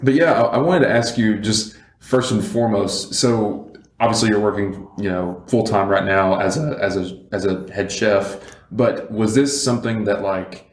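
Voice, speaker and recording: A man's voice: lowish voice, moderate pace. Young Southern man hosting, roomy sound. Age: young adult. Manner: chatty, laughs along, frequent backchannels. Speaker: podcast host. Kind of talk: casual podcast interview.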